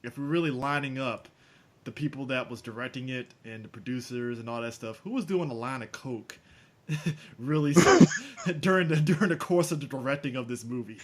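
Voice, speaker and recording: A man co-hosting a podcast in casual banter, animated and profane, arguing back. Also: mid-range voice, moderate pace. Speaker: podcast co-host.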